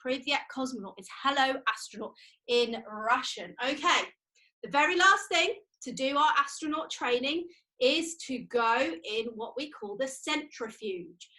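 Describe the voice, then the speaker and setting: Leading preschool children through exercises in a video lesson, the young educator counts along in a cheerful, sing-song way. She speaks high and unhurried, animated, with a pushed, bright sound.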